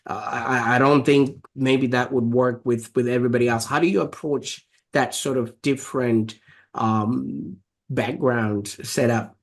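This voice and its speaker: A man's voice: mid-range voice, steady tone, measured pace. A man hosting a podcast, asking long questions that ramble with many fillers and restarts. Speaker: podcast host. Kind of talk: interview questions.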